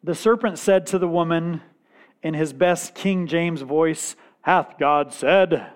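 Unhurried male preacher, slightly high voice. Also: smooth. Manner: measured, earnest preaching with dramatic pauses and quiet emphasis. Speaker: pastor. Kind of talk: sermon.

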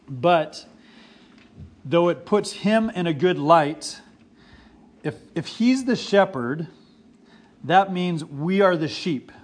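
A man in his forties preaching a sermon, earnest and repeating key phrases for emphasis. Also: a little high. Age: 40s. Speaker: pastor.

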